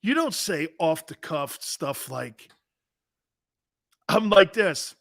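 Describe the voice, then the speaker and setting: A middle-aged man hosting a sports talk show, rambling and telling stories with loud bursts and laughter. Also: a little high, slow, gravelly, no echo, studio quality. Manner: loud, excitable, storytelling with bursts of shouting and laughter.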